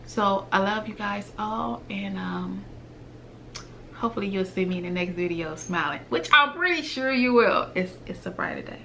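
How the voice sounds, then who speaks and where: A woman's voice: medium pitch, animated, moderate pace, fairly bright tone, slight background noise. A woman, talking earnestly to her viewers in a heartfelt vlog. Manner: earnest, heartfelt, repetitive, slips into whispers. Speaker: vlogger. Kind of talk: emotional direct-to-camera talk.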